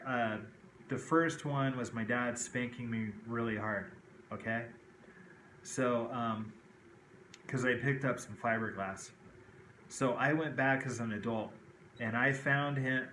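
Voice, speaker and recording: A man's voice: medium pitch, a bit bright, a little hiss or hum. A man vlogging about his personal habits in a loose, rambling, conversational way, often tossing in "okay" and "kinda like". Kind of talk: casual personal talk to camera. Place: indoors at home. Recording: echoey room with faint ambience.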